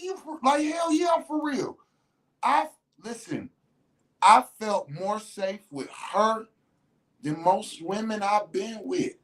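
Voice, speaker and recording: A podcast host telling a casual dating story in a profane, slangy, animated way, often restarting and repeating words. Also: mid-range voice.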